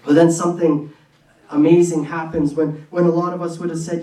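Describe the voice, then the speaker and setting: A man preaching a sermon in an earnest, conversational way, with quick bursts and restarts, recorded in a church hall. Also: fairly high pitch, level tone, dark tone. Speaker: pastor. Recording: echoey room from a distance.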